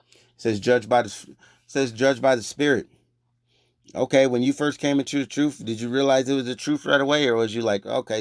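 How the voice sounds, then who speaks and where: Brief: man, mid-range voice, confrontational profane preacher, louder and higher when riled, dry close recording. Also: dry recording. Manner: confrontational and profane, scolding listeners. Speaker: online religious preacher. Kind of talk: heated preaching rant.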